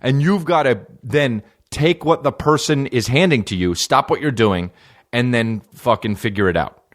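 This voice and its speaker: A man's voice: medium pitch, normal speed. A man in his thirties hosting a podcast, rambling through a casual comedic monologue full of profanity, restarts and jokes. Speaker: podcast host.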